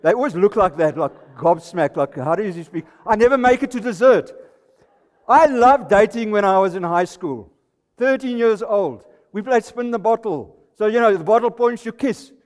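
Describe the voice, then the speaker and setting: This is a South African man in his sixties with a high-sitting, expressive voice and a moderate pace. He's giving a humorous, self-deprecating stage talk at a live presentation night, recorded with reverb in an event hall.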